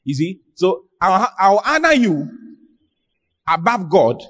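A man's voice: high-pitched, big pitch swings, takes it slowly, a bit bright. A man preaching a sermon, emphatic, repeating phrases and firing rhetorical questions at the congregation. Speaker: pastor.

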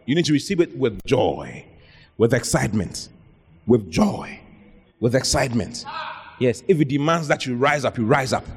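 A man's voice: medium pitch, very animated, normal speed, slightly rough. A man preaching a sermon, reading Bible verses aloud and calling out questions to the congregation. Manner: exhorting, calls out to the congregation, reads scripture aloud. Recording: long reverb of a hall.

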